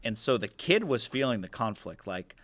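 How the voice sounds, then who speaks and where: Low-voiced reflective man, podcast co-host. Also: big pitch swings, moderate pace, a bit bright. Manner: reflective, tells stories, many likes and restarts. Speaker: podcast co-host, former youth minister. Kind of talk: casual faith-based chat.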